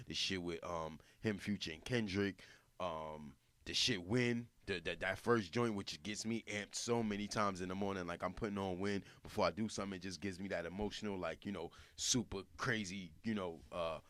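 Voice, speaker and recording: A man with a very low voice talks casually on a podcast, swearing freely and piling up "like" and "um" as he hypes things up. The sound is dry and close, with no room around it. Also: fairly even intonation, normal speed, fairly bright tone, no room sound. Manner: loose, profane, enthusiastic, full of fillers. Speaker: podcast co-host.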